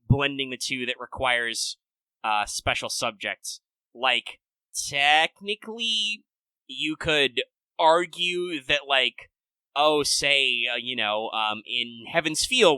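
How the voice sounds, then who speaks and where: A man's voice: mid-range voice, bright, forceful tone, no room sound. A man co-hosting a podcast, explaining things in a loose, rambling way with lots of "like" and casual swearing. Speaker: podcast co-host. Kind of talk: casual chat.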